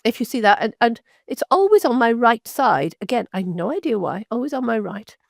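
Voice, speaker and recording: A woman's voice: fairly high pitch, very animated, gravelly, dry recording. An older woman from Britain tells long anecdotes in a guest interview. Her delivery wanders, with plenty of false starts and repeated words. The sound is close and dry, with no room in it. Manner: rambling, halting with many restarts. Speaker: physician guest. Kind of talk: storytelling interview.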